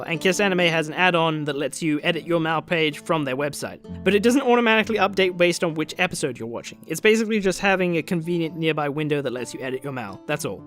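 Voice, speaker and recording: Fast, sarcastic high-voiced man ranting. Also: a bit bright. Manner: sarcastic, heated and profane. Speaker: video essayist responding to a critic. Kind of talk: argumentative commentary.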